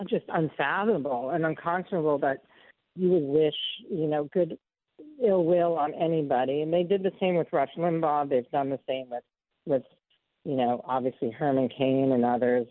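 A woman's voice: low voice, no room sound. A woman guest telling stories in an earnest, emotional way during a phone interview. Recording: tinny phone line.

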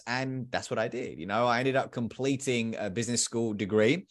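A British man in his thirties, a guest on a podcast, telling his story in a lively, slangy way. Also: medium pitch, normal speed, hardly any pauses. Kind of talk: casual storytelling in an interview.

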